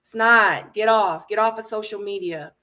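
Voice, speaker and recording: A woman's voice: mid-range voice, moderate pace, bright, forceful tone. A woman hosting a casual reality-show recap, talking emphatically and repeating her points as she rants. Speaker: host.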